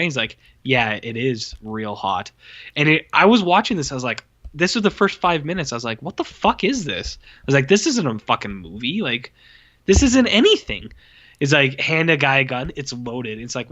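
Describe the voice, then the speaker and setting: A man in casual podcast chat, tearing into a movie with blunt, profane complaints. His voice is getting a little hoarse, and the recording sounds dull and lo-fi. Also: mid-range voice, a bit bright. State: voice going hoarse. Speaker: podcast co-host. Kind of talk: casual film review chat.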